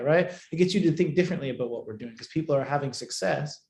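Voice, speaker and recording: A man teaching a live online class, fairly high in pitch for a man. He talks bluntly and swears a lot, raising his voice and then dropping it low to make a point. His voice rings in an echoey room. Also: quick pace, hardly any pauses. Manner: blunt, profane, emphatic, swings loud and soft. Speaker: marketing coach.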